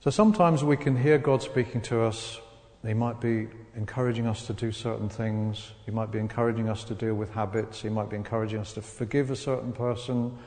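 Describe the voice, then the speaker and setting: A man preaching to a congregation, acting out the voices of the people in his story with real animation. His voice is mellow and dark in tone, and it rings with the long reverb of a large church hall. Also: on the low side, steady tone, fairly quick. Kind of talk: sermon.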